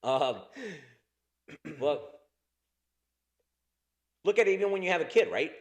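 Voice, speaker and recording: A man's voice: on the high side, expressive, slow pace. A man in his thirties co-hosting a podcast in casual chat, rambling, swearing a lot and laughing often. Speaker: podcast co-host.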